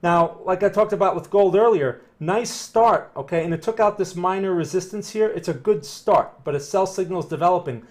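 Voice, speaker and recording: A man's voice: high voice, fairly quick, few pauses, darkish tone. A man giving casual live-stream chart analysis and answering viewer questions, thinking aloud with frequent "right?" and "okay?".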